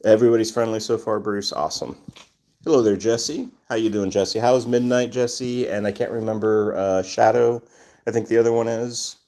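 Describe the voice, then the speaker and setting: Low-voiced man chatting on a livestream. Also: normal speed, mellow. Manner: reads chat names aloud and greets viewers. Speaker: livestream host. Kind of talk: casual livestream chat.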